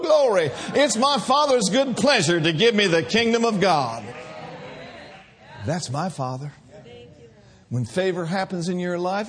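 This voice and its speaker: A middle-aged male preacher delivering an exuberant sermon, shouting praise and then dropping to hushed tones. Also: sits high.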